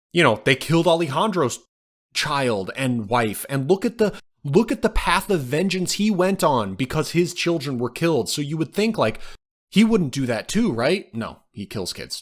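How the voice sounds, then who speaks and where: A man's voice: medium pitch, a bit bright. A man co-hosting a podcast, casually retelling film scenes and acting out the quoted lines. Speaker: podcast co-host. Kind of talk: casual film review chat.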